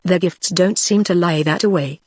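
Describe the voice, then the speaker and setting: A natural-sounding text-to-speech voice delivers a young male frontier hunter's lines for an audiobook, in his earnest, rustic backwoods dialect. The mid-range voice has a darkish tone and a solemn mood at normal speed. The studio recording is clean, with no echo.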